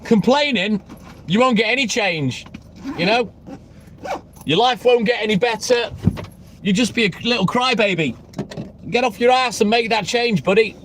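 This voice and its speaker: A middle-aged milkman livestreams from his phone in a moving vehicle, answering comments in a blunt, combative way with heavy swearing. His high-pitched, slightly bright voice goes at normal speed with frequent pauses, and the car is noisy, with wind hitting the mic.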